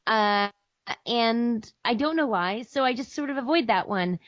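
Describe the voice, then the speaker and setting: An American woman, a voice actor appearing as a guest, chats casually in an interview, rambling with many fillers and restarts. Her fairly high voice is animated and unhurried. The dull lo-fi audio is dry and close, with no room sound.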